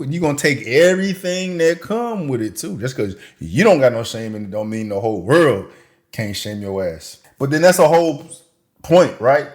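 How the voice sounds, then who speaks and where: A man delivering a reaction commentary, his voice sitting at an ordinary middle pitch. He rants in crude slang, mocking and blunt, swinging between low muttering and loud jeers. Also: animated, normal speed. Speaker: commentary channel host.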